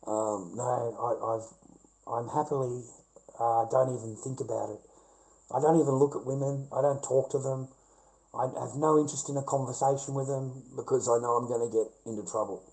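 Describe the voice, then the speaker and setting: A man's voice: mid-range voice, steady tone, moderate pace, long pauses, a little mellow, poor audio. An Australian man in a rambling casual livestream chat with viewers, blunt and profane, ranting and laughing things off, speaking into a webcam in front of his screen.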